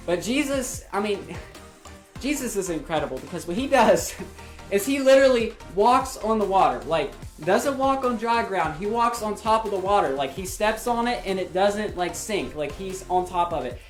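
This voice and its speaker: A woman leading a children's ministry, retelling a Bible story to kids in an animated storytelling manner. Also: mid-range voice. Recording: roomy with faint music.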